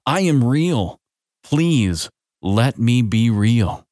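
A man voicing a lonely, frightened teenage girl, speaking softly and slowly in a pleading way, in a storybook reading. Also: medium pitch, lively intonation, no echo, clean studio sound. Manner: soft, slow, pleading.

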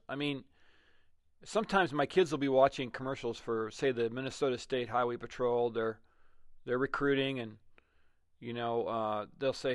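A man hosting an interview, a father who talks haltingly and searches for his words. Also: mid-range voice, dry recording, studio quality. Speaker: interview host. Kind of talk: conversational interview.

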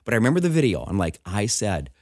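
Animated middle-aged pastor telling a story. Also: male voice, fairly low pitch, fast talker, no echo, clean studio sound. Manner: animated storyteller, acting out quoted voices, laughing often. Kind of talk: personal testimony in casual conversation.

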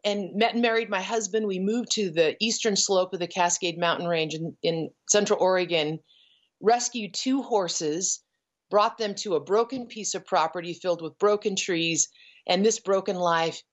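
A middle-aged woman giving an earnest, emotional personal testimony as a guest, pausing and restarting as she tells her story. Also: mid-range voice. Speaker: guest, ranch founder. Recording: dull lo-fi audio.

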